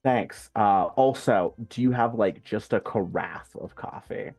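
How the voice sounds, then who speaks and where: A man's voice: on the low side, unhurried, darkish tone, dry recording. A man playing in a tabletop game, chatting casually and joking about coffee. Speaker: player. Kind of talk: casual chat.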